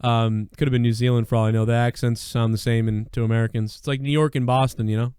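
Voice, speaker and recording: A man's voice: mid-range voice, flat delivery, fast talker, a little mellow, clean tone, no room sound, studio quality. A man hosting a call-in show, chatting casually with loose, profane storytelling and repeated phrases.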